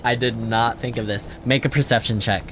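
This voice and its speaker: A man's voice: mid-range voice, steady tone, a little fast. A young man narrating and running a tabletop game as dungeon master, casual and laughing, swearing freely. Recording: faint background noise.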